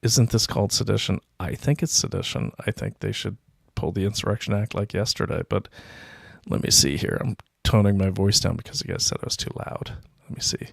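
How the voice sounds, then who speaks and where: A man's voice: lowish voice, a little fast, vocal fry, breathy edge, no echo, studio quality. A middle-aged man hosting his own livestream, rambling through anecdotes and reading viewer comments in a casual, self-deprecating way. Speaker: livestream host. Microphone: desk mic, self-produced stream.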